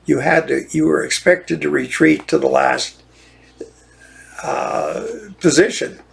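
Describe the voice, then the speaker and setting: An elderly former lawyer from the US speaks slowly in a creaky, medium-pitched voice. His talk is an indignant, repetitive monologue rant, full of restarted phrases.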